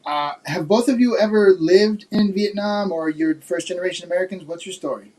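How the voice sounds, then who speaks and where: Male host from Florida, high voice, loose questioning style with many fillers. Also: fairly quick, darkish tone. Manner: laughs often, asks questions with many fillers. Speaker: podcast host. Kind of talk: casual chat.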